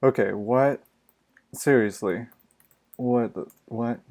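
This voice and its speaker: Man, slow speech, gravelly fry, thinking aloud while coding, exasperated, casual. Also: mid-range voice, darkish tone. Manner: exasperated, muttering to himself, swears freely. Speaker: streaming programmer.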